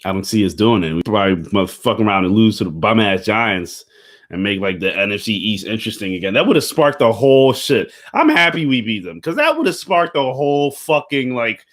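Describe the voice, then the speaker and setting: A young man talks through a football week in a loose, rambling way, thick with slang, swearing and fillers. His voice sits fairly low, and he burps now and then. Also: expressive, fairly quick. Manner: burping. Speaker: football commentator. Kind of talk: casual sports recap.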